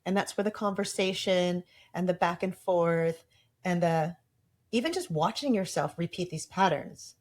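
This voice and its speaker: A woman with a fairly low voice in a casual podcast conversation. She talks reflectively and slips into little quoted inner voices to make her point. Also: moderate pace, darkish tone.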